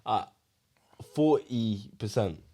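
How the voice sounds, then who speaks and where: A man co-hosting a comedy podcast, answering a mock pitch with short, laconic replies. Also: lively intonation, slow, warm tone. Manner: laconic replies, laughing along. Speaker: podcast co-host. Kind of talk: casual comedy chat.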